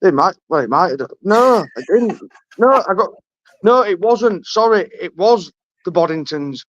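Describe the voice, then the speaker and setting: A man's voice: sits high, animated, normal speed, a bit bright, dull audio. A man, chatting as a friend of the host, backtracking and flustered as he tries to get his story straight. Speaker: guest friend. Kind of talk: casual chat.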